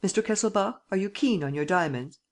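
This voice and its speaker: Mocking gentleman thief voiced by an audiobook reader, theatrical, taunting, mid-pitched voice. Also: animated, lightly acted. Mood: bargaining. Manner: taunting, theatrical, quick to triumph. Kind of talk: audiobook character reading.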